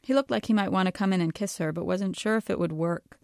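A woman author reading her own novel aloud in a calm, measured way. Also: mid-range voice, dry recording, studio quality.

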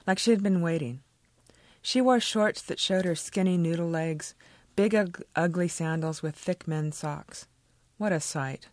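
A woman, the author, reading a passage from her own novel in a measured, expressive way. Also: low voice, no room sound.

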